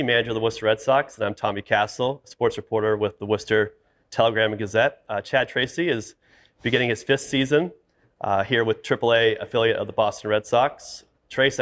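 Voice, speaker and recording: A man's voice: on the low side, fairly bright tone. A man, a sports reporter hosting a podcast, asking interview questions in a conversational way with hesitant fillers.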